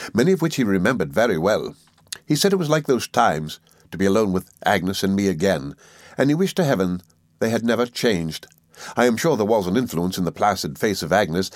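A man narrating a classic novel aloud in a measured, earnest, reflective way. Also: fairly low pitch, no room sound, clean studio sound. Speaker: audiobook narrator. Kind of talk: scripted narration.

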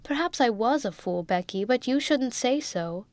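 A woman's voice: on the high side, lively intonation, moderate pace, no echo, lightly acted. A woman voicing a big, sulky guardsman husband who blusters and stammers, in a storybook reading.

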